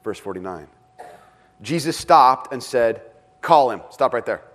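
A man preaching a sermon as pastor, dramatic in delivery and often dropping to a hush for emphasis. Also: medium pitch, lively intonation, a little slow. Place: church with several rooms.

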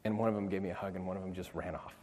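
A man preaching a sermon as pastor, earnest and emphatic, slowing down to stress key phrases. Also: deep voice, flat delivery, very noisy. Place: church sanctuary. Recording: long church reverb.

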